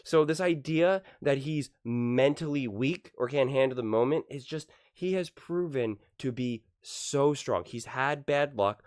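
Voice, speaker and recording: A man hosting a sports talk show, reacting to clips in a heated, animated rant that keeps repeating itself and climbs high when he gets indignant. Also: no echo, studio quality. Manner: heated, talks fast, repeats himself, rises to shouting pitch when indignant.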